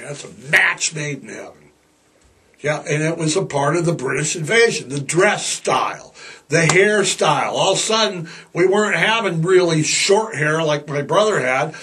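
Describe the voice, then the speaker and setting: A man's voice: on the high side, fairly bright tone. A middle-aged man hosting a podcast in casual, rambling chat, slipping into playful put-on voices. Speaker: podcast host.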